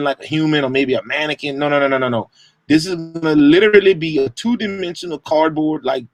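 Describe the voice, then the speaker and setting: A man's voice: mid-range voice, no echo. A man, co-hosting a sports talk show in a rambling, hesitant way. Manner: rambling, hesitant, lots of fillers. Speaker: co-host.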